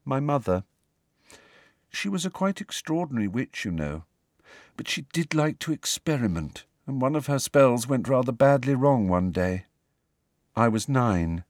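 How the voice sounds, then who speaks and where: A man voicing a dreamy, serene teenage girl witch in an audiobook, calm and matter-of-fact. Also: medium pitch, a little slow, dry recording, clean studio sound.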